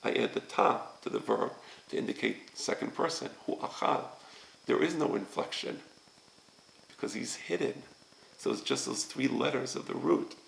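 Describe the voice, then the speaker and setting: Gravelly-voiced man lecturing slowly. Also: mid-range voice, animated, reverberant, slight background noise, low-quality recording. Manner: slow, explanatory, repeats "right?" to check understanding. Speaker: teacher. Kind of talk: recorded lecture on grammar.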